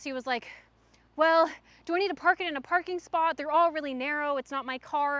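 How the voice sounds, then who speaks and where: A young woman livestreamer telling a story in casual chat, animated and full of fillers. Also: sits high. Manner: chatty, animated, frequent "like" fillers.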